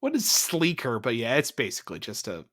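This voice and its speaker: A young man co-hosting a podcast, recapping an episode in animated, laughing chat and yelling out quoted lines. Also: mid-range voice, brisk. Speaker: podcast co-host.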